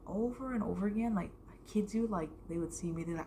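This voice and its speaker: A woman's voice: fairly low pitch, moderate pace, creaky, mellow, slight background noise. A young American woman telling a casual storytime vlog, rambling with lots of fillers and the odd whispered aside. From United States.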